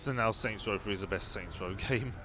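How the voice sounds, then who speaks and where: A man's voice: fairly low pitch, a little fast, sharp tone, soft background music. A young man muttering wry asides while commentating a racing game. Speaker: gaming channel host. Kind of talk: let's play commentary.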